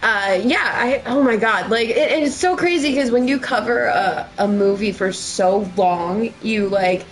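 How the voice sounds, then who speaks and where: A young woman co-hosting a podcast, telling stories in an excitable, laughing way, with phlegm in her throat. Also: a little high. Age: young adult. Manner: excitable, laughing, quick storytelling. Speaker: podcast co-host. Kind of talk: casual chat.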